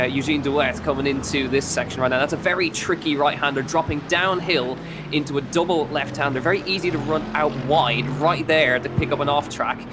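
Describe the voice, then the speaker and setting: A man's voice: mid-range voice, heavy background noise. A man with an Irish accent doing live commentary on a sim racing event, chatty with frequent fillers and self-corrections.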